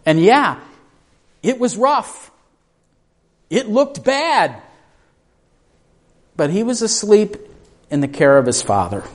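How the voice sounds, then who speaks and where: Speaking slowly with long pauses, this pastor has a high voice full of big pitch swings. He puts questions to the congregation and dramatizes the story's voices, shifting from hushed tones to a raised delivery.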